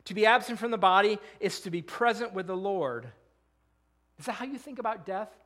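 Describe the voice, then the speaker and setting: Man, middle-aged, pastor, high-pitched, earnest sermon, rhetorical questions. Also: animated, a little fast, fairly bright tone. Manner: earnest, quotes scripture, asks rhetorical questions.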